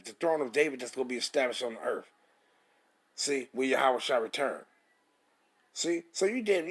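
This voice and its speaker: A man preaches scripture with a husky, fairly high voice. He hammers his points with repeated rhetorical questions and blunt swearing, in an emphatic street-style sermon.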